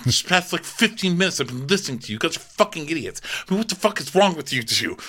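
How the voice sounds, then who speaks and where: A man's voice: fairly high pitch, big pitch swings, a bit bright, breathy edge, voice pushed up, heavily acted. A man imitating an irritated reality-show man who rants and swears at his friends. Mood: exasperated. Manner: exasperated, swearing, rapid rant.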